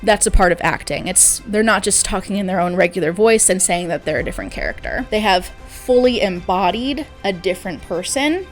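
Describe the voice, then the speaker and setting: A woman hosting her own channel, chatting casually about films with frequent fillers and quick laughs. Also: medium pitch, expressive, soft background music. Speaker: host, film reviewer. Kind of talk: casual commentary.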